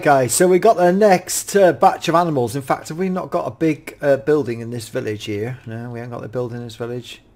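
A British man giving casual, excitable gameplay commentary as a YouTube reviewer, often gasping and exclaiming in wonder. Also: mid-range voice, vocal fry. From United Kingdom.

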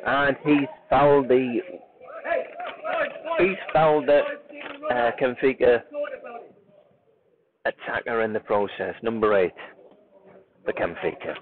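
A man giving amateur live football commentary while running the camera himself, rambling into joking, self-mocking asides between calls of the play. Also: mid-range voice. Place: outdoor football ground sideline. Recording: tinny phone-like live stream with crowd.

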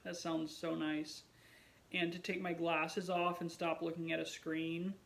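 A man's voice: on the high side, measured pace, creaky. A tired young man vlogging from home late at night, chatting expressively and sighing often. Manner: chatty and expressive, with frequent sighs. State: tired, yawning. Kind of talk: casual late-night vlog chat.

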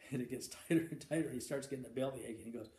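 A man telling a long shaggy-dog joke, halting and repeating words, chuckling now and then. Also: mid-range voice, mellow. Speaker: joke teller. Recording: echoey room with faint ambience.

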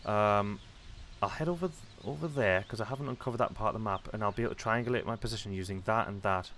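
A man's voice: on the low side, fast talker, a bit bright, slight background noise. A man giving casual gameplay commentary, chatty and self-mocking, often muttering to himself as he plays. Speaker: let's play commentator.

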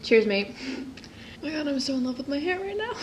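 A woman's voice: sits high, a little hiss or hum. A young woman vlogging casually as she plays a story game, chatty and giggly, with self-mocking asides. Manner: drops to a hushed whisper at times. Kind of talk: casual vlog chat while playing a story game.

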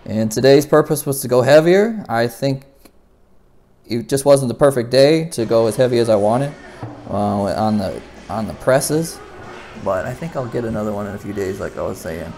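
A man's voice: mid-range voice, normal speed. Young male gym vlogger, easygoing and rambling, casual talk to camera. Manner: relaxed, rambling, with restarts. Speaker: weightlifter vlogger.

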